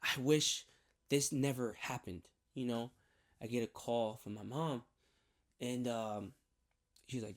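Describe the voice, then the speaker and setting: A man giving a candid personal faith testimony on his vlog, talking haltingly with many restarts and repeated words. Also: medium pitch. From New York. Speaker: faith vlogger.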